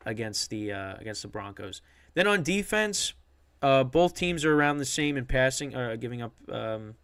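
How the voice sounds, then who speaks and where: A man with a medium-pitched, slightly bright, clean voice hosts a sports podcast, recorded with no room sound. His talk is loose and unscripted, full of restarts and fillers.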